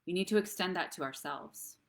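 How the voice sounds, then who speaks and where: Female host with a low voice, earnest and encouraging, speaks to camera for a live online show. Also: a little fast. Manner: earnest, encouraging, addresses viewers directly. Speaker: host and therapist.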